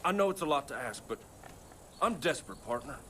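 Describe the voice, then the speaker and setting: A man's voice: on the high side, sing-song, brisk, heavy background noise. A man voicing a desperate pilot and father-to-be, pleading and swearing in video game dialogue. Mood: subdued pleading.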